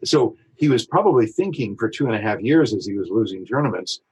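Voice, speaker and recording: A man with a very husky, low voice speaks as a guest on a podcast. He works through ideas about his craft in a reflective, example-driven way. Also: expressive, a little mellow. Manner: reflective, explains with examples and quick imitations. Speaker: voice actor guest. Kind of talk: podcast interview talk.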